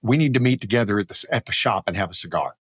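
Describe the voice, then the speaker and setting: A man's voice: lowish voice, expressive, racing, husky, no echo, studio quality. A man hosting a podcast, sharing a personal story earnestly with frequent restarts. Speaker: podcast host. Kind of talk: casual interview chat.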